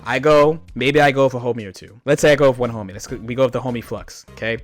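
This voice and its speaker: A man streaming, telling stories in animated, profane casual chat with frequent laughs. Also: medium pitch, fast talker, faint music behind. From United States. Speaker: streamer reacting to a video.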